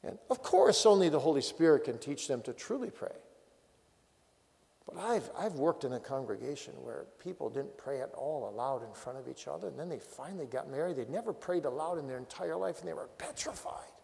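A man's voice: mid-range voice, animated, a little fast, vocal fry, darkish tone. A man, a pastor, giving a teaching talk on family prayer with direct, practical exhortations. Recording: long hall reverb.

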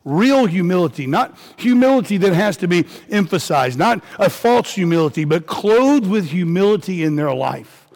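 A man's voice: high voice, big pitch swings, normal speed, creaky, a little mellow. A man preaching a sermon, reading scripture and telling stories in a conversational way. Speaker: pastor.

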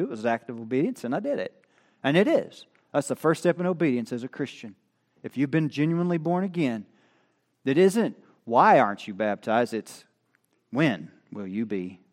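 A man preaching a sermon at a church, moving from quiet teaching to loud emphatic peaks, with chatty asides. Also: mid-range voice. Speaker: pastor. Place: church sanctuary. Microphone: stand microphone.

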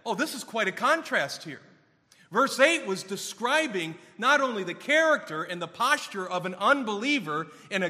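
A male pastor delivering a sermon with a high, bright, ringing voice. He presses his points hard, rising in force and then dropping low. A long church-hall reverb trails behind every phrase. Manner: emphatic, building to raised intensity then dropping low.

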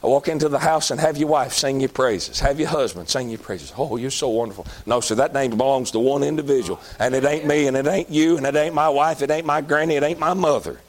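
A man with a high, tenor-ish voice preaches. His delivery is folksy and conversational, rising into emphatic, repeated declarations. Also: fast, few pauses. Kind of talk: sermon.

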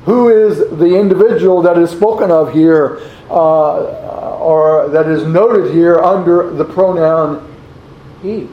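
A man preaching a sermon, slowly posing rhetorical questions and reading scripture aloud in old-fashioned wording. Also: fairly high pitch. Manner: slow, deliberate, repeats rhetorical questions. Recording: roomy, dull lo-fi recording.

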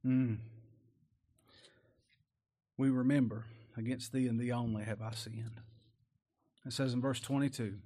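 A man preaching a sermon, reading old-style scripture and commenting in plain, folksy talk. He swings from loud emphatic peaks to low, quiet asides. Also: fairly even intonation, a little slow, pauses often. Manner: reads old-style scripture verses aloud.

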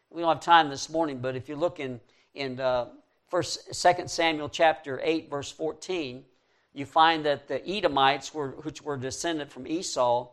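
A man preaching a sermon in an earnest, emphatic way, pushing key words up loud and letting conclusions drop soft. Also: a little high.

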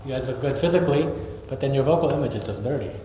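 A man's voice: mid-range voice, expressive, racing, warm tone. Young man preaching in an echoey hall. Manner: earnest, conversational, acts out example greetings. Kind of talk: sermon. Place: church hall. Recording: echoey, dull hall recording with noise.

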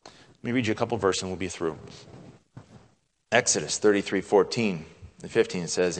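A man delivering a sermon in a church, his voice ringing with a long reverb. He swings from loud, climbing exclamations down to soft, hushed passages. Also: moderate pace, pauses often. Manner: dramatic, acts out God's lines with rising pitch and volume; drops to a hushed, soft tone at solemn points. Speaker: preacher.

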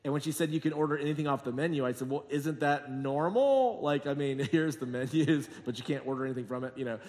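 A man preaching a sermon as pastor, telling jokey stories and acting out quotes, moving between quiet asides and emphatic points. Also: medium pitch, fast. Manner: jokey, sarcastic storytelling with acted-out quotes. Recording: long hall reverb.

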